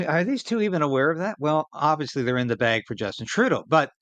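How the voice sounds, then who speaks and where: Brief: Canadian man, sarcastic and indignant commentary host, raised voice with lively swings, dry close mic. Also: a little high, fast talker, dry recording. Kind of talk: angry political commentary over clips.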